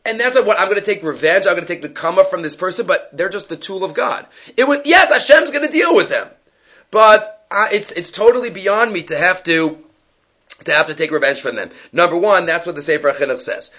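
A man teaching a Talmud lesson, lively and animated, acting out quoted people and weaving Hebrew quotations into his English. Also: high voice, brisk, highs cut off. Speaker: Torah teacher giving a daf yomi class.

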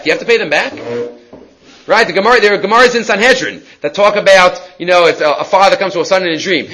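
High-voiced man teaching Talmud. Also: very fast, low-quality recording. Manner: lively, acts out the story's dialogue. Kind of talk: Talmud class, translating Aramaic.

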